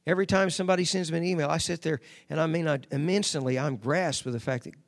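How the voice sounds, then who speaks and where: A man preaching a sermon, calling for amens and repeating phrases for emphasis, moving from low, intimate passages to loud shouted declarations. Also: fast talker, vocal fry, hardly any pauses. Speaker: pastor.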